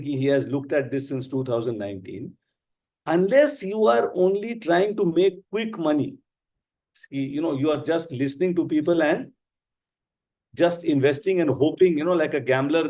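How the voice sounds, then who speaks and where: A man with an Indian English accent teaching a live class, explaining slowly and with emphasis. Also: on the high side, darkish tone. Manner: slow, deliberate, emphatic explaining. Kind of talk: live online class lecture.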